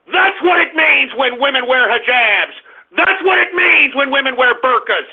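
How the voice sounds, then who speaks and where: A middle-aged man hosting a radio show, ranting angrily and often breaking into shouts. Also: very high voice, expressive, moderate pace, gravelly. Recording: tinny phone-like audio.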